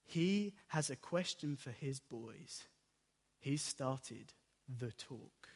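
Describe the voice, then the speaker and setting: Preacher in a reverberant hall. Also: male voice, mid-range voice, extremely slow, husky. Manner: animated storytelling, acts out dialogue. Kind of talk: sermon.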